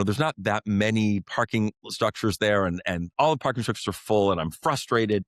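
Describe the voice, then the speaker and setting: A middle-aged man, a podcast guest, telling a personal story in an earnest, halting way with many fillers and restarts. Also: fairly low pitch, dry recording.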